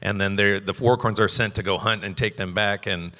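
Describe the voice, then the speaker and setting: A man's voice: on the low side, steady tone, a little fast, bright, forceful tone, big-room sound. A man who voice-acts, rambling animatedly through stories on a convention panel stage. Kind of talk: casual panel talk.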